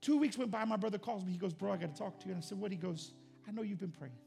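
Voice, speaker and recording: A middle-aged pastor preaches with earnest, personal storytelling that builds into impassioned intensity. His voice sits high for a man and has a gravelly edge. Faint instrument music plays behind him. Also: very fast, a little mellow. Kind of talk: sermon.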